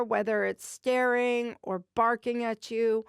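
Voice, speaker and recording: Woman host and trainer: high, smooth voice, unhurried instructive delivery. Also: animated, a bit bright, dry recording, studio quality. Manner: patient, explanatory, advice-giving. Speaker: dog trainer and podcast host. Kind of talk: instructive podcast talk.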